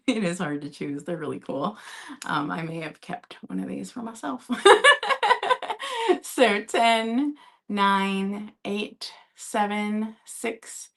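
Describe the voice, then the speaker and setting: A woman from Minnesota hosting a live vintage sale, chatting casually, laughing often and talking to her cat. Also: medium pitch. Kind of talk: live-stream selling chat.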